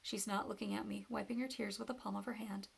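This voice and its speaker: A woman reading a novel aloud in steady first-person storytelling. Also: medium pitch, fast talker, creaky, slightly rough. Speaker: reader.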